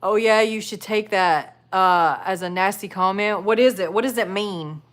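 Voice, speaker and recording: A woman runs a casual live stream and talks straight to her viewers as she reads the chat. Her voice sits at a middle pitch, and she rambles loosely with frequent laughs and plenty of "like" fillers. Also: moderate pace. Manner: chatty, laughs often, many "like" fillers. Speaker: livestream host reading chat.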